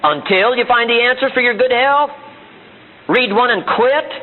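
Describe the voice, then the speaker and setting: An old archival recording captures a man giving a live motivational talk before an audience in a seminar room, pressing his points with repetition and emphatic rhetorical questions. He speaks at a moderate pace in an extremely high-pitched voice, and the sound is phone-quality.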